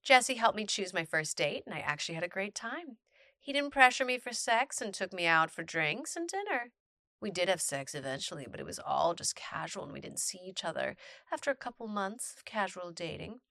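A woman reads a personal story aloud with a bright, forward voice that swings up and down as she goes. She breaks off now and then for playful comments. The sound is close and dry, with no room around it. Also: mid-range voice, brisk, no echo. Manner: animated, playful reactions between readings. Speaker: storytime narrator reading posts. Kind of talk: reading a post aloud with commentary.

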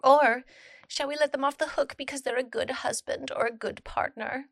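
A woman hosting a casual podcast, reading online stories aloud and reacting in an animated, playful way. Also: mid-range voice, moderate pace, vocal fry, dry recording. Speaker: podcast host.

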